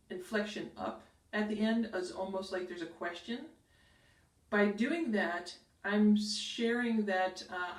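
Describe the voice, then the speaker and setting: Middle-aged female host giving career tips to camera: upbeat, emphatic, recorded with room echo from a distant mic. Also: lowish voice. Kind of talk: direct-to-camera advice video.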